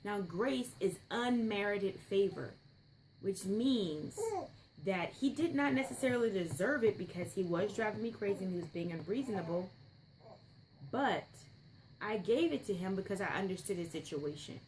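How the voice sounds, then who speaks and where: A woman's voice: medium pitch, animated, moderate pace, a little mellow, slight background noise, poor audio. Chatty mother telling a story. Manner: chatty and rambling, with frequent fillers and asides. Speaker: podcast host, mother. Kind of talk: casual storytelling monologue.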